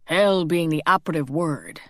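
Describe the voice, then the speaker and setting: Teasing young male shifter, joking banter, slightly low voice, voiced by a woman narrator. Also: moderate pace, fairly bright tone, no room sound, studio quality. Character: teasing young male shapeshifter friend, cocky.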